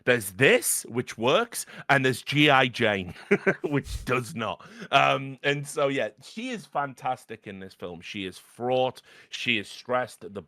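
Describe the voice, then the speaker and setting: A man hosting a podcast in casual chat, rambling and animated, swearing freely and laughing as he goes. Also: mid-range voice, slow, no echo, clean studio sound. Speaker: podcast host.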